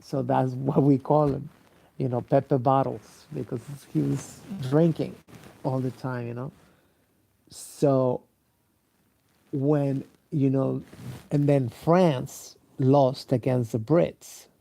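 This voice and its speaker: A sleepy man with a dark, gravelly voice rambles slowly through a casual monologue. He stops often for fillers and restarts and swears freely. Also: mid-range voice, steady tone. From Mexico. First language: Spanish. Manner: halting, many fillers and restarts, profane.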